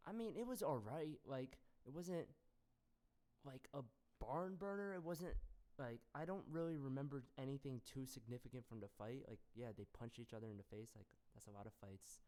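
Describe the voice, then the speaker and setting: A young man hosting a casual solo rant, rambling with lots of fillers, jumping between loud bursts and mumbled asides. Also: medium pitch, moderate pace. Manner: rambling, filler-heavy, frequent "like" and "um". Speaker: MMA commentary channel host.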